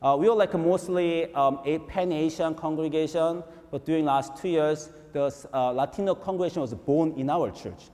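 High-voiced pastor preaching in a reverberant hall. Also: male voice. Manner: animated, repetitive storytelling with frequent rhetorical "right?". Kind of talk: storytelling sermon. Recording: long reverb in a large hall.

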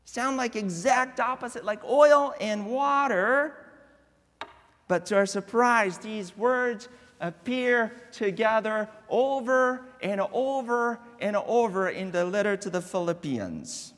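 High-voiced male preacher in echoey church. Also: expressive, unhurried, a bit bright. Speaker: guest preacher. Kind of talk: sermon. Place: church sanctuary.

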